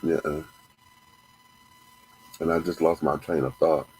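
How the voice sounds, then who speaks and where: The host speaks slowly in an extremely low, darkish voice with little pitch variation, delivering an angry, profane and repetitive ranting commentary. It's a low-quality recording with slight background noise.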